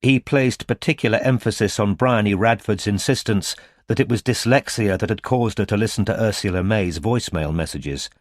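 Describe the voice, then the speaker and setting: A man reads a detective audiobook in a low, measured voice. The close studio mic leaves the sound dry and free of echo. His pace is even and unhurried. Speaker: audiobook narrator. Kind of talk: scripted narration.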